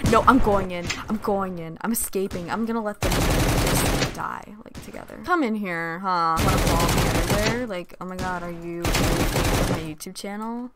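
A young woman giving casual commentary over gameplay, sarcastic and excitable, shrieking at tense moments and trash-talking opponents. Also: medium pitch, normal speed, background noise. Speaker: gaming YouTuber.

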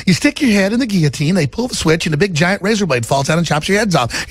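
A raspy, gravelly man rants through a talk show monologue. His voice runs high and swings wildly in pitch, and the sound is close and dry. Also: big pitch swings, fast, few pauses, no echo. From Texas. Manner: gravelly, shouting rants, mocking put-on voices.

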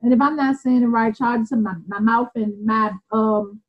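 A woman with a Southern US drawl leads an informal Bible study in a high, earnest voice. She talks plainly, circling back and restarting her words as she explains them. The sound is muffled and lo-fi. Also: fairly even intonation, normal speed. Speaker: Bible teacher.

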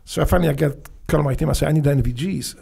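A middle-aged man from Poland with a Polish accent, a podcast guest telling stories casually, animated and swearing freely. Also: on the high side, fast talker, vocal fry, husky. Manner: animated, swears freely, acts out dialogue, laughs often. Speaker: podcast guest, former Navy SEAL. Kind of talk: storytelling in a casual interview.

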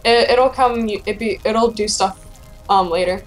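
A woman's voice: medium pitch, unhurried, faint music behind. A young woman hosting casual gameplay chat, chatty and helpful as she guides a friend and playfully reads game lines aloud. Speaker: gameplay host guiding a friend.

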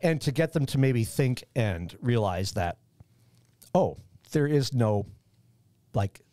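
A middle-aged man, a guitar and bass teacher, chatting casually as a podcast guest and telling stories with some casual swearing. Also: slow, no room sound. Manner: animated storyteller, swears casually.

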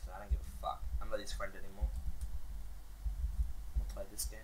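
A young man hosting a gaming video, commentating casually with excitable outbursts and a lot of swearing. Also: lowish voice, fast talker. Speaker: gaming channel host. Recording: noisy recording.

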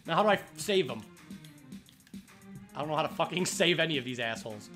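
A gaming streamer doing excitable let's play commentary, swearing a lot and laughing loudly. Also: medium pitch, brisk, over music.

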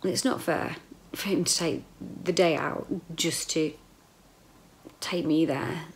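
A woman's voice: low voice, steady tone, slow, a little hiss or hum. A middle-aged woman, talking in a rambling, emotional video diary and often dropping into a whisper. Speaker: vlogger. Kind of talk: casual personal video diary.

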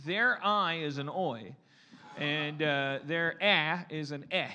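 A man's voice: a little high, takes it slowly, sharp tone, slight background noise. A man hosting a live comedy podcast on a theater stage, bantering with plenty of laughter and riffing on mock accents. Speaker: podcast host.

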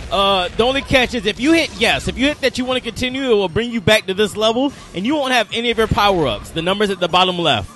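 A man's voice: high-pitched, animated, fast, few pauses, bright, forceful tone, faint music behind. A man doing game commentary, rambling through explanations and swearing at the enemies on screen. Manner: swears and scolds the game's enemies; rambling, self-repeating explanations. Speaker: let's play host.

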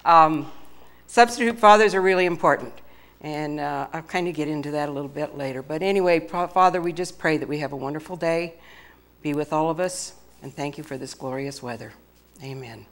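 Low-voiced lady preaching in a little church, kinda nervous and halting, folksy. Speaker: lay preacher. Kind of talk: church sermon. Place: small church.

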